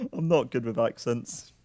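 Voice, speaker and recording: A man's voice: a little high, moderate pace, no echo. A young man casting a live esports match, calling the play and chatting in joking asides. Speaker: esports caster.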